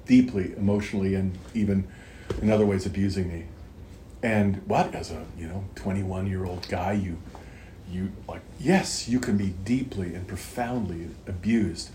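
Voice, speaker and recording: A man's voice: lowish voice, warm tone, slight background noise. Earnest rambling man in an echoey room. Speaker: podcast co-host. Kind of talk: casual faith conversation. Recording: echoey room, faint ambience.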